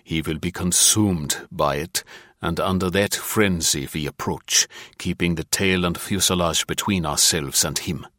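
A hard German lawman, read by a male narrator, barks clipped orders in a very low, deep voice. The tone is bright and forceful, and the sound is dry and close. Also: measured pace, dry recording. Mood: calm, planning. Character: gruff German police officer, hard, commanding man.

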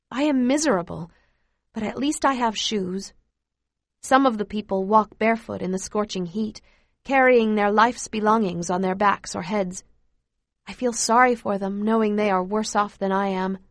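A woman narrating a first-person story in a steady, measured reading voice. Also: medium pitch, no room sound, clean studio sound. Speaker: audiobook narrator.

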